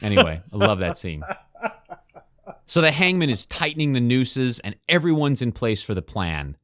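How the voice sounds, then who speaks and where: A man's voice: medium pitch, normal speed. A man co-hosting a podcast, casually recapping a movie scene by scene and acting out the characters' lines. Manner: animated storyteller acting out quoted lines. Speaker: podcast co-host.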